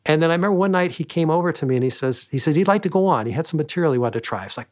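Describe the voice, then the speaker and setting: A man who once managed a comedy club, telling animated backstage stories and acting out what people said. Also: a little high, very fast. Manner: animated anecdotes, acting out quoted lines. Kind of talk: storytelling interview guest.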